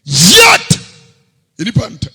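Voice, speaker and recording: A Ghanaian-accented man preaching a sermon, moving between quiet scripture reading and sudden sing-song shouts. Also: high-pitched, huge pitch swings, takes it slowly, slightly rough, in a large hall.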